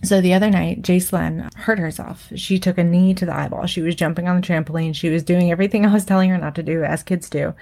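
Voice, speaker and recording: A woman's voice: fairly low pitch, fairly even intonation, fast, gravelly, hardly any pauses, mellow. A woman in her thirties talking candidly with a co-host about shame and parenting, emotional and loose, peppered with fillers and casual swearing. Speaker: podcast co-host. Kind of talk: candid personal conversation.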